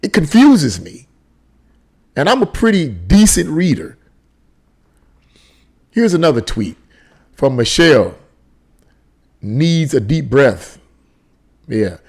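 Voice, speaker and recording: A man's voice: mid-range voice, sing-song, slow, pauses often, darkish tone. A man hosting a solo political commentary show, reading tweets aloud with exasperated, incredulous remarks and repeated phrases.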